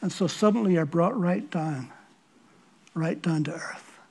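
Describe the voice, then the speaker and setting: A man's voice: a little high, a little slow, vocal fry, a little mellow, slightly rough. Older man, pastor, storytelling sermon, casual delivery with restarts. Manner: storytelling, conversational with repeated words.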